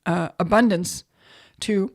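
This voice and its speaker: A woman's voice: lowish voice, slow pace. A woman co-hosting a casual podcast chat, joking and self-mocking. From United States. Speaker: podcast co-host.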